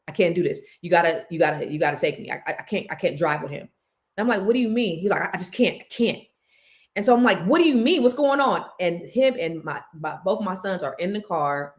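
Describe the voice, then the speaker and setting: A middle-aged woman, a podcast host telling a family story in a casual, animated way. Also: mid-range voice. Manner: animated, chatty, with lots of restarts.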